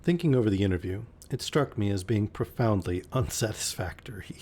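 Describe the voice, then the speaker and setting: A man's voice: on the low side, lively intonation, brisk, warm tone. A man reading a classic mystery novel aloud, breaking off for dry joking asides.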